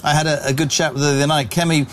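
Talk radio host, northern man, opinionated and quick, faint hiss. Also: fairly high pitch, little pitch movement, fairly bright tone. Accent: Northern English. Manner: brash, chatty, opinionated. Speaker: radio breakfast show host.

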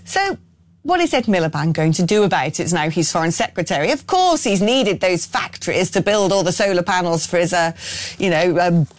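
A woman's voice: lowish voice, animated, a little fast, no echo. A woman presenting a political talk show, asking pointed questions in a sardonic, opinionated way.

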